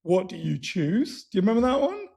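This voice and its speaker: Husky high-voiced excitable man. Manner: quick, excitable, laughs while recounting. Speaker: podcast co-host. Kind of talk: casual chat.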